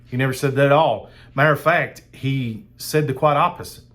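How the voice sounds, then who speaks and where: A man's voice: mid-range voice, moderate pace, a bit bright. A man preaching a sermon in a fired-up, emphatic way, repeating phrases for emphasis.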